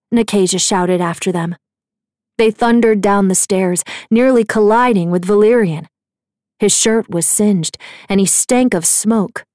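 Woman narrator, fantasy audiobook, measured, slow, dry booth. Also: mid-range voice, no room sound. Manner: measured, even storytelling.

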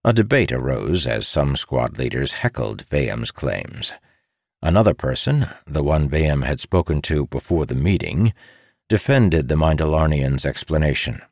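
Deep gravelly male audiobook narrator. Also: very animated, normal speed, darkish tone, no room sound, studio quality.

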